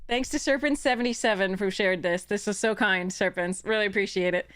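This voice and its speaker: A woman's voice: mid-range voice, steady tone, moderate pace, fairly bright tone, clear, resonant tone. A woman streamer chatting casually to her live audience, rambling with many fillers and restarts. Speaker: game streamer.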